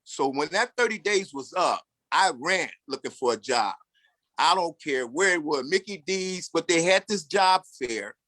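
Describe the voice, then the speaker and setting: A man's voice: a little high, expressive, a little slow, sharp tone, dry recording. A man in his sixties, once incarcerated, telling his life story in an earnest, candid way. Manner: earnest and candid, acts out other people's lines in the story. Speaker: formerly incarcerated speaker. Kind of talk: personal storytelling talk.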